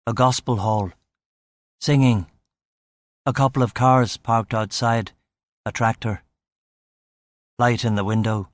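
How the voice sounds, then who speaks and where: A man's voice: medium pitch, fairly even intonation, slow pace, pauses often, no room sound, clean studio sound. A man narrating a first-person crime novel in clipped, terse fragments. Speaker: audiobook narrator.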